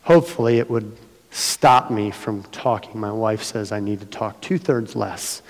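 Slow hoarse pastor in a reverberant hall. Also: male voice, on the low side. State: losing his voice, hoarse. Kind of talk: sermon. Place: church sanctuary.

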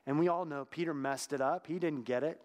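A man preaching a sermon in a conversational, reflective way, sometimes dropping to a hushed tone. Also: fairly high pitch, a little fast, long reverb tail.

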